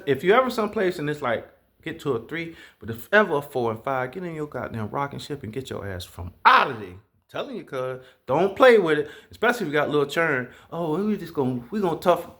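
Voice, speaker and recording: A man from Georgia, talking straight to his viewers in a blunt, profane, rambling monologue. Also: medium pitch. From Southeast Georgia, US. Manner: profane, blunt, animated storytelling. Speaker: vlogger.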